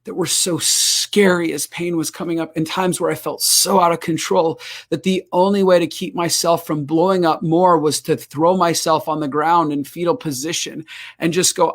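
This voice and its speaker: A man's voice: on the high side, fairly even intonation, normal speed. A man giving a candid, emotional personal testimony in an interview, acting out his own past prayers and outbursts. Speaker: guest sharing his story.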